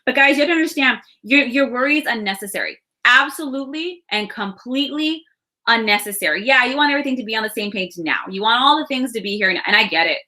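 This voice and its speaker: With a fairly high, animated voice and a fast pace, a woman in her thirties does an easygoing tarot and astrology reading for the camera. She's reassuring, chatty, and warm, pausing between ideas with laughs and sighs.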